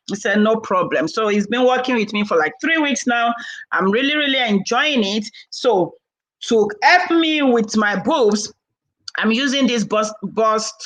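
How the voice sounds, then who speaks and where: A woman, chatting casually to camera in an animated way and acting out her quoted conversations. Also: medium pitch, rough recording. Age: 40s. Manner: animated, laughing, acts out quoted dialogue. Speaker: vlogger and herbal seller.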